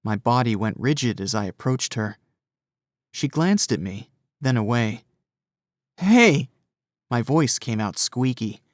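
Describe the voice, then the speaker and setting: A man narrating a first-person audiobook with expressive storytelling. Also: medium pitch, no room sound, clean studio sound.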